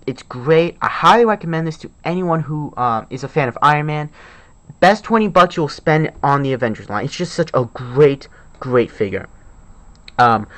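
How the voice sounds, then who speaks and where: A man's voice: on the high side, a bit bright. Casual man reviewing a toy at home. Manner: enthusiastic, rambling with fillers. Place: home room with desk. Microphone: camera on a tripod.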